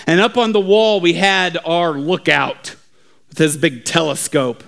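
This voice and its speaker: Man, pastor, storytelling sermon, slow drawn-out delivery, hushed to shouted. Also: fairly high pitch, steady tone, vocal fry.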